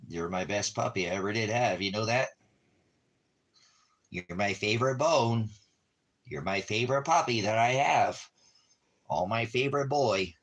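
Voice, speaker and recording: A man talking softly to his dog in doting, repetitive baby talk, now and then addressing his viewers. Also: lowish voice, normal speed, pauses often. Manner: soft, doting baby talk with repeated phrases. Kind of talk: casual talk to a pet.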